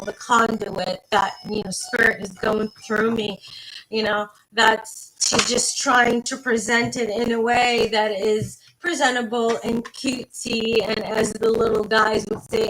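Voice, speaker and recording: A woman's voice: on the high side, a bit bright, slight background noise, rough recording. A woman giving a live tarot reading, talking to her viewers in a rambling, playful, casual way and swearing now and then. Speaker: tarot reader.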